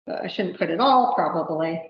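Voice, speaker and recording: A woman leads a live cooking demonstration in a store's demo kitchen, talking casually and thinking out loud with many fillers. Her voice sounds roomy and slightly muffled, like lo-fi livestream audio. Faint background noise sits underneath. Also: fairly low pitch, expressive, fairly quick. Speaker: cooking instructor.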